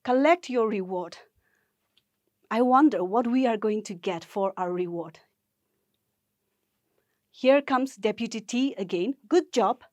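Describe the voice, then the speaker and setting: A woman teacher from Nagaland, India, leading a gamified poetry lesson for school students in a slow, encouraging way. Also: a little high, a little mellow, dry recording. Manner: encouraging, speaks slowly and deliberately to learners.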